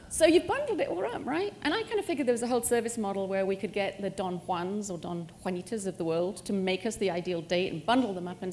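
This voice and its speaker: A middle-aged woman presenting a live software demo at a conference, joking and self-mocking as she goes. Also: medium pitch, a little hiss or hum. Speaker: conference speaker. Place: conference hall stage.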